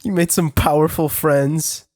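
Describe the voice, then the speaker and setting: A woman's voice: sits low, fairly even intonation, measured pace. A woman co-hosting a comedy podcast, cutting in with short teasing, mocking remarks. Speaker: podcast co-host. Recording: loud background noise.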